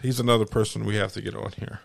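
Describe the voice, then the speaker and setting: A man's voice: lowish voice, little pitch movement, fast talker, gravelly, breathy edge, dry recording, studio quality. A man co-hosting a podcast in casual chat, loose and laughing, swearing often. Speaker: podcast co-host.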